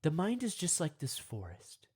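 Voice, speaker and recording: A young man rambling through a comic meditation monologue, often talking to himself and leaping into high, excited voices. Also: normal speed, slightly rough.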